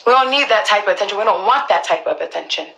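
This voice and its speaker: A woman's voice: medium pitch, animated, rapid-fire, creaky, bright, forceful tone, poor audio. A woman, telling her own story to viewers in an emphatic, profane way. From Queens, New York. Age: early 20s. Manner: emphatic, profane, restarts often.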